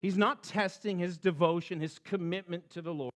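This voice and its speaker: A man's voice: high voice, steady tone, normal speed. A man preaching a sermon as pastor, telling stories and rising and falling in tone for emphasis.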